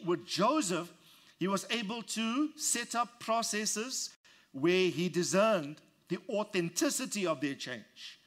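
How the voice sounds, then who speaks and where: Male pastor with a somewhat high voice, expounding scripture and leading call-and-response. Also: lively intonation, slow pace, a bit bright. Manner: leads congregation in call-and-response repetition; reads scripture aloud and expounds it verse by verse. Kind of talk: sermon.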